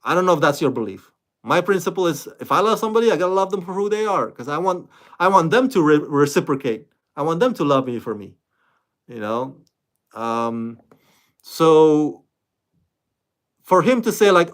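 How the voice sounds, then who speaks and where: A man hosting his own online reaction channel, talking casually to camera in a loose, animated way, with lots of fillers and restarts. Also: fairly high pitch, normal speed, pauses often. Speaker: YouTube reaction host.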